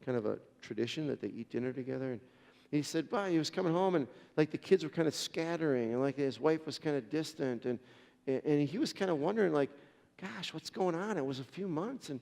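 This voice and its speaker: An earnest male pastor preaching a sermon, telling stories with many restarts. His voice sits a little high and has a gravelly fry. The sound carries the long reverb of a large hall. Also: lively intonation, brisk, few pauses, a little mellow.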